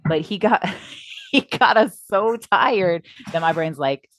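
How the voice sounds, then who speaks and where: A woman co-hosting a podcast, telling a lively anecdote in a casual way. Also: fairly low pitch, slow. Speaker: podcast co-host.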